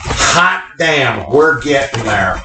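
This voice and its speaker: A man's voice: mid-range voice, very animated, takes it slowly, roomy sound, background noise. A man co-hosting a casual podcast, joking around with crude banter. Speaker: podcast co-host. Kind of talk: casual chat.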